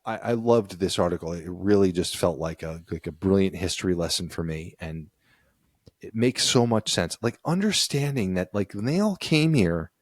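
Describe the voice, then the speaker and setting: Podcast co-host, very low voice, dry close sound, meandering casual talk. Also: male voice, animated, moderate pace, dry recording. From United States. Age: adult, a parent. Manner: rambling, thinks aloud with restarts. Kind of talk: casual chat.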